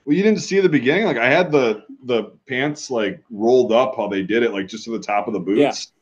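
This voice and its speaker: A man's voice: medium pitch, a little fast, dull audio. A man hosting a casual chat, swearing freely and joking around. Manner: profane, joking, puts on mock voices. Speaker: host.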